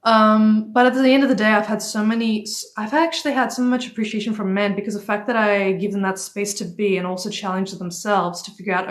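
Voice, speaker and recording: A woman's voice: mid-range voice, fairly even intonation, a little fast, few pauses. A young woman dating coach with a non-native accent, talking directly and casually to viewers on a phone livestream. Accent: non-native accent, origin unstated. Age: young adult. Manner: direct, chatty, reads out viewer comments. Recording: echoey room.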